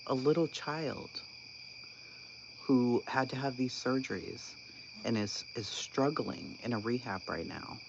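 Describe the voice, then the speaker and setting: A man talks slowly and casually about online drama. He sounds incredulous and animated and laughs often. The recording is dull and lo-fi, with insects chirping steadily behind him. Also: mid-range voice, gravelly. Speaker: channel host. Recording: dull lo-fi sound with constant background noise.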